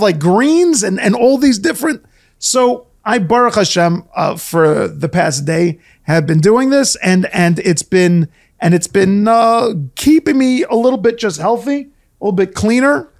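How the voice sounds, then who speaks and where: A man co-hosting a casual podcast, rambling playfully with jokes and many restarts. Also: very high-pitched. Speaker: podcast co-host. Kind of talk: casual chat.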